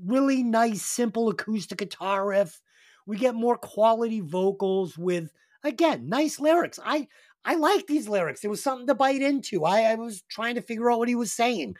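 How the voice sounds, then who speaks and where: A man's voice: extremely high pitch, moderate pace, dry recording, studio quality. A man hosting a podcast, telling crude stories with heavy swearing and reviewing an album. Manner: profane, animated storytelling. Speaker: podcast host.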